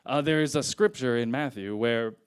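A man's voice: medium pitch, moderate pace, smooth. A young man preaching a sermon in a casual, conversational way, retelling scripture in everyday slang.

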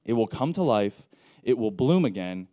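A man preaching a casual sermon, telling stories in a joking, conversational way with lively asides. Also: lowish voice, normal speed, no room sound. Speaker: pastor.

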